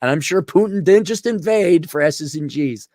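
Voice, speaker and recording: A middle-aged man holds forth in a loose, sarcastic monologue, often sliding into mocking voices. His pitch leaps and dips all over. The sound is dry and close, with no room around it. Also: expressive, moderate pace, a little mellow, no room sound. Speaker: podcast host. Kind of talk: casual opinion monologue.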